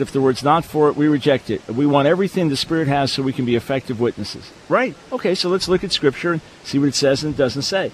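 A man hosting a live call-in radio show, talking in an energetic, emphatic, preacherly way. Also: medium pitch, a little hiss or hum. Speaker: radio talk show host. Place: hotel convention venue.

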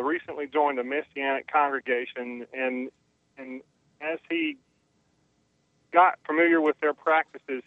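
A man's voice: mid-range voice, no echo. Male phone caller, polite and hesitant, tinny line, dry sound. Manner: polite, hesitant, many fillers. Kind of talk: call-in radio question.

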